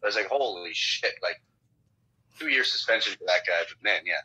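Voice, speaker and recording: A man's voice: fairly low pitch, fairly quick, sharp tone, husky. A man being interviewed as a guest fighter over a phone call, talking bluntly in a rambling way with lots of swearing. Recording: dull lo-fi phone line.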